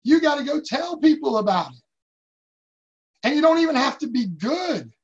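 A man's voice: very high-pitched, sing-song, normal speed. A man leading a sales team, giving an emphatic motivational talk and telling stories with acted-out quotes. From United States. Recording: dull lo-fi recording.

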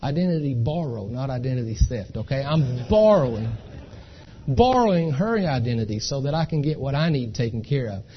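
A man voicing a sweet little old Cajun woman who talks in a hushing, matter-of-fact way, with a Cajun accent. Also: mid-range voice, animated, moderate pace, dull audio, a little hiss or hum, pitched below the performer's own voice, lightly acted. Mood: hushed.

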